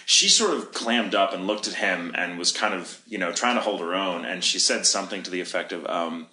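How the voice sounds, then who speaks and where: Profane, animated man telling a story. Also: low voice, a little fast. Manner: profane, animated storyteller who acts out quotes. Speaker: podcast co-host. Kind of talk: casual storytelling chat. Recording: echoey room with noise.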